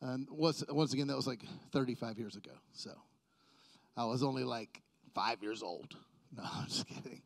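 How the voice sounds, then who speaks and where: A man's voice: mid-range voice, normal speed, vocal fry. A middle-aged male pastor preaching a sermon in a church, conversational and self-deprecating, joking with the congregation.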